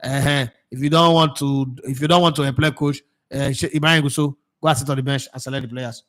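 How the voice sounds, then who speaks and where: A Nigerian man with a Nigerian accent, hosting a casual football commentary show, who talks in an animated way, drifts between Pidgin and English and laughs often. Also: medium pitch, fast. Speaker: sports show host.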